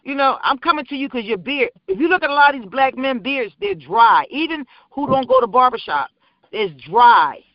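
A woman with a very high voice rambles through her stories with animated energy. She is a small business owner chatting casually on a call-in radio show. The sound is dry and dull, like a lo-fi online stream. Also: moderate pace, dry recording.

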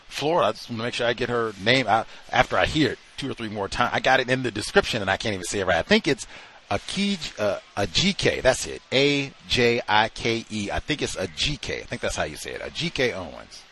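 Speaking with a medium pitch, the same kind of radio host riffs conversationally in an unplanned monologue full of slang and filler words. He sounds expressive, a little fast and a bit bright, with a faint hiss or hum in the recording.

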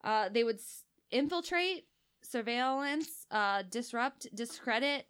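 Chatty higher-voiced woman podcast host. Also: animated, measured pace, a bit bright, clean tone. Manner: laughs often, loose and chatty. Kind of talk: casual podcast chat.

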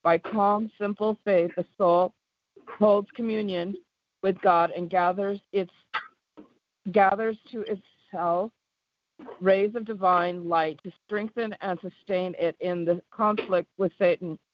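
A woman caller reading a devotional passage aloud, halting and stumbling over a few words. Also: mid-range voice, steady tone. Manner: halting, with small slips and restarts. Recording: muffled dry phone-call line.

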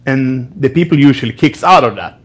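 Guy on a podcast, bouncy pitch, stumbles over words, laughs a lot. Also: lively intonation, fairly quick. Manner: repeats words, laughs often. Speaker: podcast co-host. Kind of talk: casual chat.

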